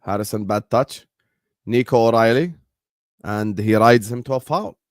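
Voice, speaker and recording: A man's voice: on the low side, unhurried, no room sound, studio quality. A young man, casually commentating a football stream and bantering with his chat, laughing and teasing.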